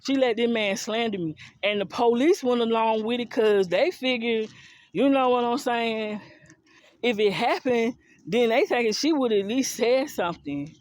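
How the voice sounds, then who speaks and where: A woman's voice: on the high side, moderate pace, darkish tone, no echo. Blunt, heated woman telling her story. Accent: African American Vernacular English. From US South and Philadelphia. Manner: blunt, heated, profane, addresses listeners directly. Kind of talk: casual storytelling monologue.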